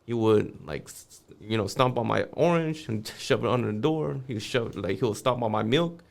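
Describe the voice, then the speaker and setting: A man's voice: mid-range voice, normal speed, gravelly. A man guest on a podcast, telling a street story casually, swearing freely and acting out the voices of the people in it.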